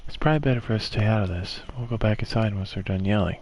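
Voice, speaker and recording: A man voicing a poised teenage girl who leads a school club, speaking softly in a gentle, apologetic way. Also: on the low side, rapid-fire, a little hiss or hum, pitched below the performer's own voice, natural voice.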